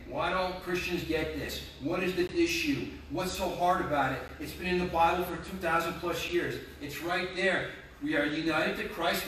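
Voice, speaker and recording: Impassioned preacher in an echoey hall. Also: male voice, fairly high pitch, a bit bright, a little hiss or hum. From North Jersey, USA. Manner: impassioned, hammering rhetorical questions and repeated phrases. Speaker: pastor. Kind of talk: sermon. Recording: very echoey room, mic at a distance.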